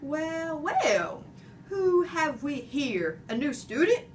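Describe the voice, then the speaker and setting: A woman playing a booming, jolly janitor. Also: very animated, slow pace, far from the mic, slight background noise, full character voice. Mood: booming jokey. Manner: booming, jokey, big roaring laugh. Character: jolly mustached male night janitor.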